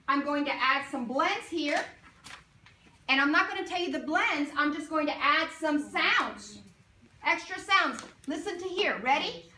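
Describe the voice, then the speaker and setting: A woman teaching a phonics lesson to young children, sounding out words slowly and asking coaxing questions. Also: sits high, pushed and bright. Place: classroom. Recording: roomy classroom from far off, faint noise.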